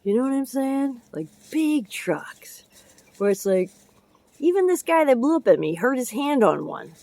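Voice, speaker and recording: A woman's voice: high voice, sing-song, a little slow, warm tone, no echo. Chatty rambling woman vlogging. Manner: chatty, jumps between topics, laughs often. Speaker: vlogger and public works truck driver. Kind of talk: casual rambling vlog chat.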